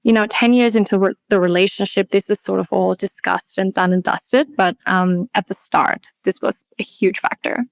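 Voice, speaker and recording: Austrian woman, smooth clear voice. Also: medium pitch, steady tone, moderate pace, hardly any pauses, no echo. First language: German. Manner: reflective, talks in long hedged sentences with many "um" and "like". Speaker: podcast guest, linguist. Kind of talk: casual interview chat.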